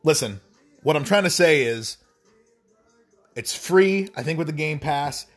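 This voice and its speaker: A man's voice: a little high, expressive, a little slow, soft background music. Profane, rambling male gaming vlogger. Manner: profane, rambling, wry asides. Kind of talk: casual rambling monologue.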